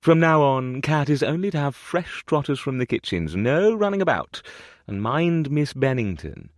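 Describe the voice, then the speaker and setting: A patient, reassuring aristocratic father, played by a male narrator with a lively, rising delivery. He speaks gently and kindly to a child. The recording is dry and close. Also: mid-range voice, normal speed, no echo, voice pushed up, lightly acted.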